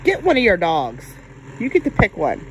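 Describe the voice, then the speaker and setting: A woman's voice: lowish voice, huge pitch swings, normal speed, noisy background. Exasperated woman scolding dogs. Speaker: pet owner. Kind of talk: home video vlog.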